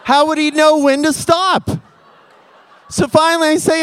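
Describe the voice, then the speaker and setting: A man telling a funny personal story in animated bursts, acting out what people said. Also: very high voice, dry recording. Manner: animated, quick bursts and acted-out quotes.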